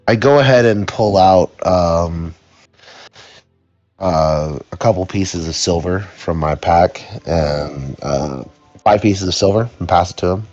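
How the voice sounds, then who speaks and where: Low-voiced man playing a tabletop game. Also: slow pace, a little mellow, lo-fi sound, soft background music. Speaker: player. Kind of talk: casual tabletop play.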